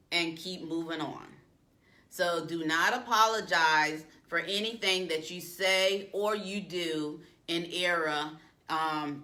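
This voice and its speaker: A woman's voice: on the low side, pushed and bright. A middle-aged woman, a career coach, giving a lesson on job interview etiquette in a firm manner, repeating her key points for emphasis. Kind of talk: instructional talk on job interviews.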